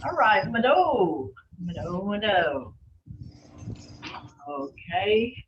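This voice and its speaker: Slow patient woman teaching over video call. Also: medium pitch, sing-song, dull audio, a little hiss or hum. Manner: patient, encouraging, calls on students by name. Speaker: language teacher. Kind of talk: online language class.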